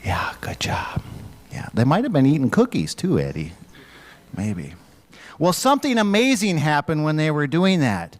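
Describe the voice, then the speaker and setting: A man leading a church children's message, gently asking the kids questions and waiting for their answers. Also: a little high, wildly swooping pitch, normal speed. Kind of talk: children's sermon.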